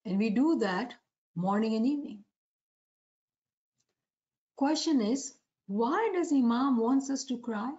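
Woman preacher, high voice, muffled recording. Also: expressive, slow pace, long pauses, dark tone. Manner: asks rhetorical questions to the audience. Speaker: religious preacher. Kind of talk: devotional sermon lecture.

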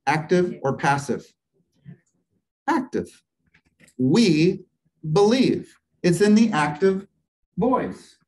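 A man's voice: sits high, very animated, very slow, long pauses, a little mellow, poor audio. A man teaching a church Bible class. He walks through Greek grammar step by step and keeps asking the class questions. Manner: asks the class questions and waits for answers.

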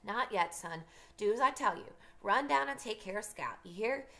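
A woman reading the lines of a calm, gentle but firm father who gives steady instructions, in a storybook reading. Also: medium pitch, normal speed.

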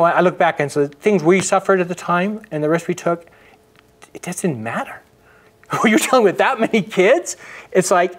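Earnest middle-aged man telling a story. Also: fairly high pitch. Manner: earnest, narrates with acted quotes and frequent hushed drops. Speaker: interview guest. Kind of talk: emotional personal storytelling in an interview.

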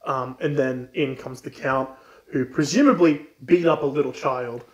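A man's voice: mid-range voice, moderate pace, muffled recording. A man co-hosting a podcast, casually retelling a book in an irreverent, profane way. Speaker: podcast co-host. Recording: roomy echo.

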